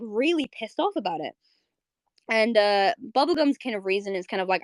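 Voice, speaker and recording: A young woman hosts a live audio chat, recapping a favorite cartoon episode in an excitable, rambling way full of fillers and restarts. Her voice is mid-range and her pace moderate, picked up on a streaming audio mic with no echo.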